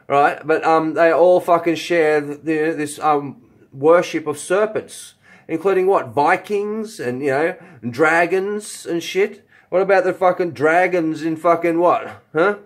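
A man rambling through a vlog monologue, swearing often and firing rhetorical questions at himself. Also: a little high. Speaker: video blogger.

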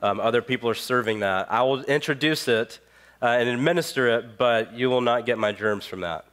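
A man in his thirties delivers a sermon from a church pulpit, a little under the weather with a cold. His voice sits at an ordinary middle pitch, and he tells a story in a loose, relaxed way, full of ums and asides. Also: a little fast. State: has a cold. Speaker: pastor. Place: church sanctuary.

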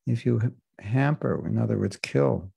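A man's voice: on the low side, unhurried, vocal fry, mellow, slightly rough, no echo. A man giving a scripture class as a spiritual teacher, talking casually and joking as he wanders off topic. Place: class in Florida.

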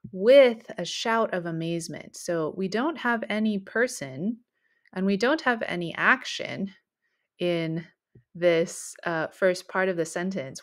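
Lowish voiced woman teaching a writing class, patient and clear, reads example sentences out. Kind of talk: recorded writing lesson.

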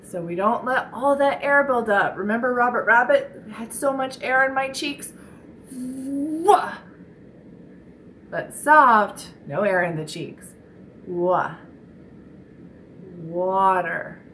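A woman teaching a children's speech lesson, demonstrating sounds slowly and encouraging the listener. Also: a little high, expressive, a bit bright, a little hiss or hum, rough recording.

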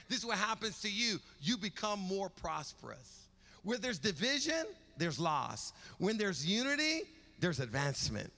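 Male pastor, high bright voice, rhythmic emphatic preaching, reverberant church hall. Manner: rhythmic preaching with rising emphatic build-ups. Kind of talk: sermon. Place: church sanctuary.

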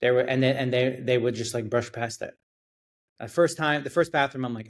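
A man guest on a podcast, telling a story in a casual, animated way, swearing and acting out what people said. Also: mid-range voice, brisk. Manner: animated storyteller, acts out quotes, swears, laughs. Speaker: realtor guest.

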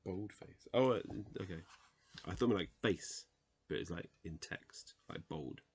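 A man's voice: sits low, animated, a little mellow, breathy edge. A man reading dictionary entries aloud late at night, sounding tired, stumbling over pronunciations and muttering self-corrections. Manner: reads words in a halting, self-correcting way with muttered asides. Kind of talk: casual solo reading vlog.

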